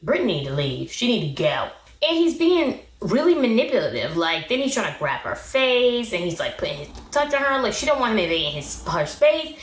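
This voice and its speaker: A woman's voice: mid-range voice, very animated, brisk. Sassy woman recapping a reality show. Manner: opinionated, sassy, talks back at the show. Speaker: recap vlogger. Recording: roomy echo.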